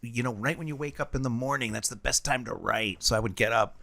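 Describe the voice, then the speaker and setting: A man's voice: mid-range voice, quick pace, creaky, bright, forceful tone. A man chatting casually on a podcast, rambling through a story about his mornings. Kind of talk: casual chat.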